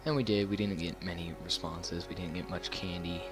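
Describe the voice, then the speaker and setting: A man's voice: low voice, moderate pace, music in the background. A man telling a personal story in a casual storytime vlog, rambling with many fillers and restarts. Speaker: YouTuber.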